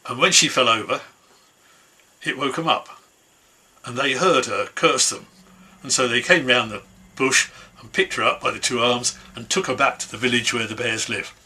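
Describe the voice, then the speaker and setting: A man's voice: medium pitch, normal speed, pauses often, sharp tone, slightly rough. A man telling a traditional folk tale in an easygoing, conversational way, from an online concert. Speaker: storyteller.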